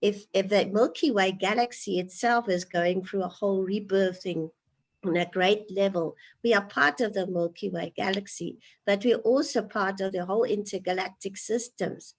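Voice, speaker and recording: A woman's voice: medium pitch, moderate pace. A woman as a guest in a spiritual interview, speaking in an earnest, flowing and enthusiastic way.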